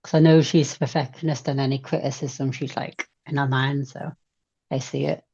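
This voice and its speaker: A woman chatting in a group video call, lively when she acts out what she says to others. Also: very deep voice, moderate pace, husky, highs cut off. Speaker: group participant.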